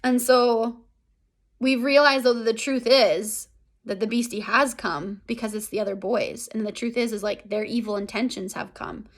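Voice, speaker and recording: A young woman teacher walks her students through a book in a recorded lesson. Her voice sits a bit on the high side. She speaks in a loose, chatty way, full of fillers, and checks in with "right?" now and then. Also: moderate pace. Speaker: English teacher.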